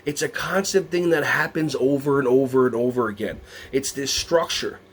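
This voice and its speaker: A man presenting a teacher workshop, talking to a live audience, asking them questions and acting out quotes in high put-on voices. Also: normal speed, a bit bright, slightly rough. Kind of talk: lively teacher workshop talk.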